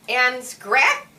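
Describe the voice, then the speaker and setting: Speech therapist, woman, high lively voice, slow and coaxing, echoey room, mic far off. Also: a little hiss or hum. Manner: slow, animated, prompting word by word. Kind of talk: one-on-one speech therapy with a child.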